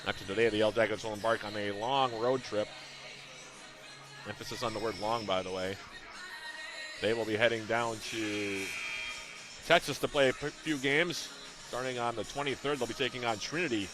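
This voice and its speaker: A man calling a college basketball game play-by-play, reading out plays, scores and shooting stats in a brisk, rhythmic way. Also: on the low side, over music. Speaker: play-by-play announcer.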